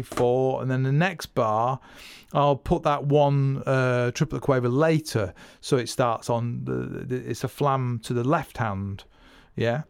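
Gravelly-voiced man talking drums. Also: medium pitch. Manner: rambling, restarts phrases and self-corrects; counts beats and vocalizes drum patterns. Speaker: drum teacher and podcast host. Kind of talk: casual spoken drumming lesson.

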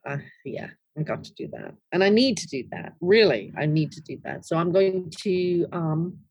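A middle-aged woman author being interviewed, chatting casually and answering with warm, encouraging remarks. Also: fairly low pitch, lively intonation, normal speed, husky, dry recording, highs cut off. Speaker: author guest.

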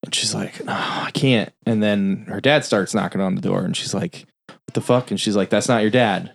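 A man's voice: lowish voice, vocal fry. Casual, swearing podcast man recapping a film. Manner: loose, profane plot recap with quick voiced-out quotes. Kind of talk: casual film review chat.

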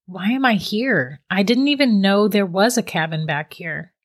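A woman's voice: mid-range voice, lively intonation, moderate pace, close to an everyday voice. A woman voicing a frightened young man in shock, pleading desperately in a storybook reading. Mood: panicked.

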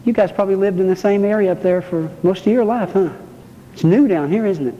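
A man with a high-pitched voice talks fast, with slight background noise behind him. He's a pastor preaching in a church sanctuary, folksy and joking as he calls out to his congregation. The recording is muffled and full of church reverb.

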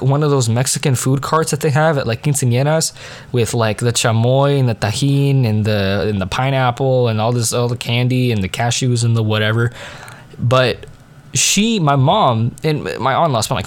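A teenage boy telling family stories in a casual, rambling monologue full of fillers and digressions. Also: mid-range voice. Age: teens. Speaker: diarist.

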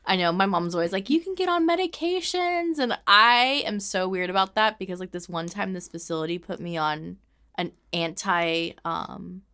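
A woman co-hosting a casual podcast chat who talks candidly and goes hushed on hard memories. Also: fairly low pitch, fairly even intonation, normal speed, clean tone. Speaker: podcast co-host.

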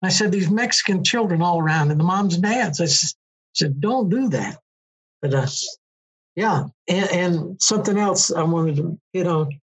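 An older man tells racing stories in a loose, rambling way, full of restarts. His voice is husky and a little breathy. The recording sounds dull and lo-fi. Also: sits high, expressive, normal speed. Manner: rambling storyteller, many restarts and fillers. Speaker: interview guest, former motorcycle racer. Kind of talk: casual conversation.

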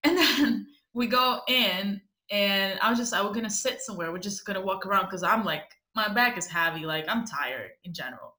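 A woman's voice: medium pitch, lively intonation, brisk, pushed and bright. A young woman from Ukraine, chatting as a podcast co-host, swearing freely and laughing often as she tells a story. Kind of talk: casual storytelling chat. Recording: echoey room.

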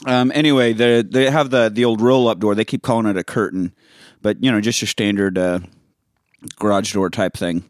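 A man hosting a podcast, recapping a film in casual chat, laughing often and breaking into loud silly voices. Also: fairly low pitch, steady tone, moderate pace, dry recording, studio quality. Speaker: podcast host.

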